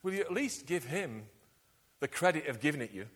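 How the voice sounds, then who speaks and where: Animated male preacher in a reverberant hall. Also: on the high side, fairly quick, slightly rough. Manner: animated, rhetorical questions, dramatic emphasis. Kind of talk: sermon.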